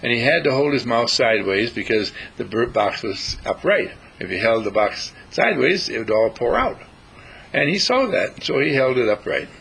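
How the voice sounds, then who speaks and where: A man gently telling a story and reciting a poem, in a halting way with restarts. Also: medium pitch, sing-song, gravelly, breathy edge, poor audio.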